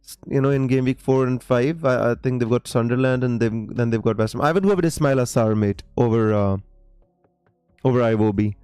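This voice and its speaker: Smooth-voiced man chatting on a live stream. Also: medium pitch, a little fast, dark tone, dry recording, faint music behind. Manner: hesitant, many fillers and restarts, calls viewers mate; reads viewer comments aloud. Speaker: live stream host answering viewer questions. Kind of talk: casual live stream chat.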